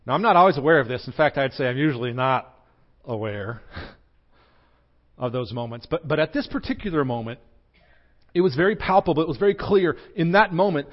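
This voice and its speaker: A young adult man with a Southern American accent preaching a sermon, telling a personal story earnestly, with his voice rising and falling in pitch and loudness. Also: lively intonation, fairly quick, pauses often, dull audio. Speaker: pastor.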